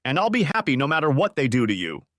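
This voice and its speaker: A man voicing an angry middle-aged male judge who shouts and spits threats. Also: medium pitch, wildly swooping pitch, fast, no room sound, studio quality, pitched above the performer's own voice. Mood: furious.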